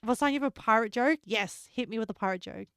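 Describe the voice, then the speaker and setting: A woman's voice: fairly high pitch, a little fast, a bit bright, clear, resonant tone, no room sound. A woman streaming a game, chatting casually with her viewers, joking and laughing often, on a close desk microphone.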